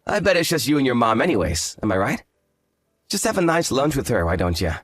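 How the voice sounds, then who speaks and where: A man's voice: mid-range voice, very animated, brisk, fairly bright tone, no room sound. An actor playing an arrogant, hungover young fiancé who talks down to his partner in a lazy, condescending drawl. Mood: dismissive. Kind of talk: dramatized story voice acting.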